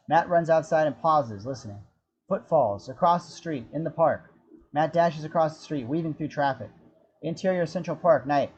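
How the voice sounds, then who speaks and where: A man narrating the action description of a screenplay in a steady, descriptive storytelling manner. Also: a little high, highs cut off. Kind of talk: scripted narration.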